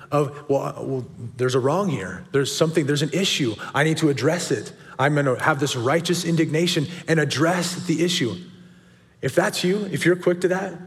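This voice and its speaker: A male guest pastor preaching earnestly to a men's group. He asks a lot of questions and lifts his pitch sharply for emphasis. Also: long reverb tail.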